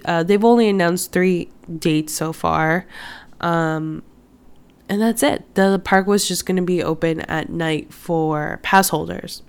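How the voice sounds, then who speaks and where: A woman's voice: on the low side, fairly even intonation, a little slow, clear, resonant tone. Sick, nasal-sounding woman chatting casually. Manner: chatty, with many fillers and restarts. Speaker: podcast host. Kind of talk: casual chat.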